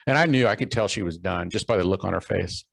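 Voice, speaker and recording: A man's voice: sits low, fast talker, creaky, slightly rough, no echo, rough recording. A middle-aged man from Texas giving a keynote talk, telling a personal story with many fillers and restarts. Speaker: keynote speaker.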